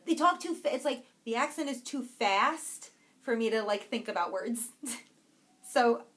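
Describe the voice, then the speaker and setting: A woman with a Long Island accent, co-hosting a podcast in an animated, playful casual chat. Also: fairly high pitch. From Long Island, New York. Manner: animated, playful, quick to laugh. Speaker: podcast co-host.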